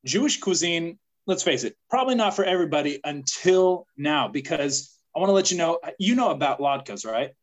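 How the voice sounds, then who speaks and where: A man's voice: expressive, normal speed, hardly any pauses, low-quality recording. A man co-hosting a podcast, joking and rambling in casual chat. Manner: jokey, rambling, pitching mock ads. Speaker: podcast co-host.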